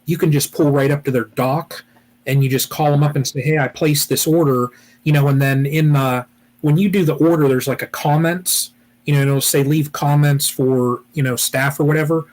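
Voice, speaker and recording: A man's voice: a little high, fairly even intonation, normal speed, a little mellow. A man from Ohio hosting a weekly beekeeping live chat, rambling casually with lots of "you know" and restarts.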